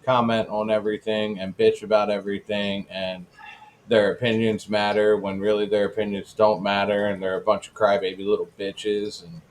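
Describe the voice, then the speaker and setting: A man's voice: lowish voice, little pitch movement, normal speed, slight background noise. A man co-hosting a live podcast, speaking bluntly and profanely with a teasing edge. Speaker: podcast co-host. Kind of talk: casual live podcast chat.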